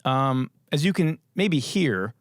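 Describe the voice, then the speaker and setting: A hoarse young man talks through a solo podcast episode, his voice worn down but still swinging up and down with lots of expression. He rambles and swears freely in a jokey, casual way. The sound is dry and close, with no room around it. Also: mid-range voice, sing-song, takes it slowly, no echo. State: hoarse, voice mostly gone. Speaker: podcast host.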